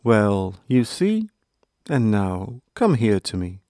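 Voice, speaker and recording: Man doing a hedgehog father, gentle, tender, calm, dry close sound. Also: lowish voice, measured pace, dry recording. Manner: tender, soothing.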